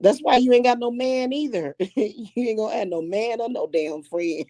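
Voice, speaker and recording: A woman's voice: a little high, normal speed, mellow. A woman, a witch and spiritual teacher, ranting casually and bluntly with plenty of cursing and laughter. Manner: profane, laughing often, blunt. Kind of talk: casual vlog rant.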